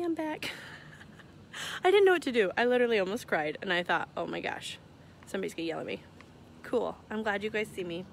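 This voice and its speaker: A woman's voice: mid-range voice, a little hiss or hum. A young woman hosting a casual live stream, chatty and giggly, laughing at herself while walking outside her house. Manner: chatty, giggly, self-deprecating. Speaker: livestream host announcing charity winners. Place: outdoors near her house at night, walking around. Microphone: phone held at arm's length.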